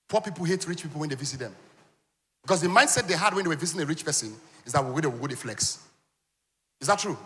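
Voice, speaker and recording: Fairly high, pushed, and bright, this Nigerian-accented conference speaker's voice echoes with long hall reverb. He teaches on wealth by drawing call-and-response answers from the crowd and throwing in playful jabs.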